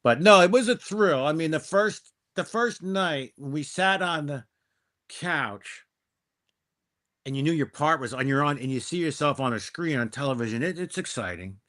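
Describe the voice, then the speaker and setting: A man's voice: on the high side, normal speed. A middle-aged man, a guest actor, telling casual stories about his work and acting out the lines people said to him. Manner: animated, acts out quoted dialogue. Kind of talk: casual storytelling.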